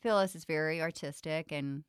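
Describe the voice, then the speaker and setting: Chatty woman telling stories, low and dry. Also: moderate pace, smooth, dry recording. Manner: chatty, restarts sentences, laughs often. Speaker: interview guest, actress. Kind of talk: casual storytelling chat.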